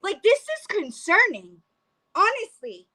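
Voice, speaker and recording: A woman's voice: very high voice, very animated, a little slow, bright, forceful tone. A woman reacting on a live stream, sarcastic, incredulous and profane.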